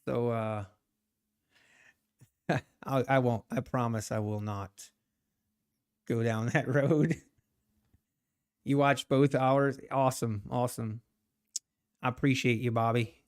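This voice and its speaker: Casual male trading streamer, mid pitch, rambly, laughs easily while reading chat. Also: steady tone, slow pace, pauses often, smooth. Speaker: live-streaming day trader.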